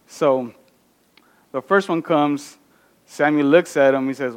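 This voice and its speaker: A man casually retelling a Bible story and reading scripture aloud, often pausing with fillers. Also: on the high side, smooth. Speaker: Bible teacher.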